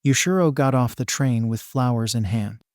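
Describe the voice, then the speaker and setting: A man reads a fan-fiction story aloud in an even, steady way, his middle-pitched voice recorded close and dry with no room sound. The delivery stays measured from line to line. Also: dry recording. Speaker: narrator. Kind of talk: scripted fan-fiction narration.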